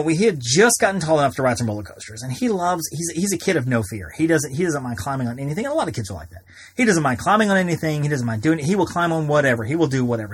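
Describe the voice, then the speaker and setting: A man in his thirties hosts a podcast and tells personal stories in a loose, rambling way, often restarting his sentences. His voice is husky and his delivery quick, and the recording is dry with no room sound. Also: medium pitch, dry recording. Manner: rambling, many restarts and repeated words. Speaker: podcast host. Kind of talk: casual personal storytelling.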